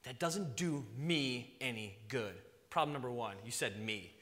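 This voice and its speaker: A man who is a father, preaching a sermon, swinging between loud emphasis and soft near-whispers. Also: mid-range voice, unhurried, big-room sound. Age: young adult to middle-aged, a father.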